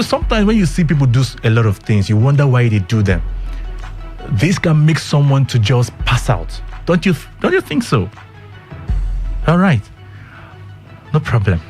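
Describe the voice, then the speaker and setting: A man's voice: medium pitch, a little mellow. A man hosting a radio show, talking casually to listeners and asking them questions with plenty of ums. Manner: chatty, talks straight to listeners with rhetorical questions and many ums. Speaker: radio host. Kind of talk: casual radio chat and news rundown. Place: radio studio.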